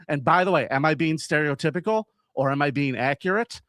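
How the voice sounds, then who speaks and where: A man's voice: fast, few pauses, dry recording, clean studio sound. A man co-hosting a podcast, telling a true-crime story in casual banter and acting out quotes. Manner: animated, acts out quotes with big jumps in pitch. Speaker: podcast co-host.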